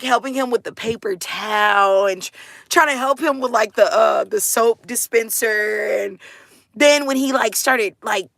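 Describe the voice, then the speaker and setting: Woman, high-ish bright voice, casual animated storytelling, dry close sound. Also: creaky, no echo. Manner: chatty and animated, laughs often, says "like" and "dude" a lot. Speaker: mother sharing her family life. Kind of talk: casual chat to viewers.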